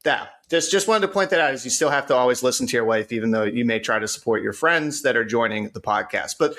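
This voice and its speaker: A man's voice: medium pitch, lively intonation, fast, fairly bright tone. A man co-hosting a casual sports betting podcast, chatty and loose, with frequent fillers while reading a sponsor spot. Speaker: podcast co-host. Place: studio.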